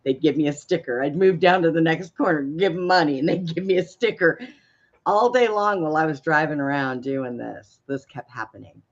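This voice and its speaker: A woman's voice: deep voice, fairly quick, muffled recording. A woman hosting a casual chat show, telling playful, jokey stories. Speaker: host.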